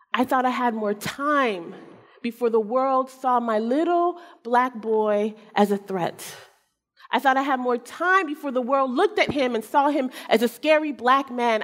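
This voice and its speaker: A middle-aged woman preaches through a personal story with earnest, heartfelt telling and bits of her son's voice. Her voice sits fairly high, and her words ring out with long reverb in a large hall. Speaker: speaker giving a church talk.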